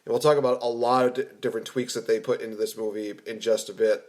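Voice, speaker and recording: A man's voice: medium pitch, level tone, fast, a little mellow. A man hosting a podcast, chatting about a movie in an easygoing way with frequent restarts. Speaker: podcast host. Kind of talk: casual movie review chat.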